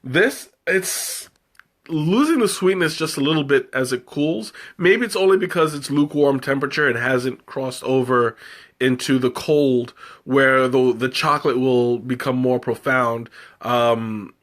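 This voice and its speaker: Slow, rambling man hosting a tea stream. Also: medium pitch, a bit bright. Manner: rambling, hesitant, many fillers and restarts. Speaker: livestream host tasting tea. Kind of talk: casual live chat.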